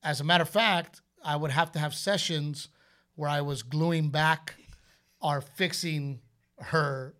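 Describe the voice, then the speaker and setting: A man's voice: fairly high pitch, fairly even intonation, measured pace, pushed and bright. A man, co-hosting a podcast and telling stories in a loose, chatty way. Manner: storytelling, loose and chatty with fillers. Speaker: podcast co-host. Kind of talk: casual chat.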